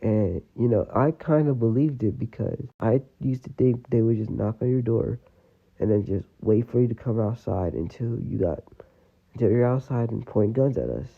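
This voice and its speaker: A man's voice: mid-range voice, moderate pace, vocal fry. A man telling a personal story in a casual, rambling way, full of fillers. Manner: rambling, full of "you know" and "like". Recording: tinny phone-like audio.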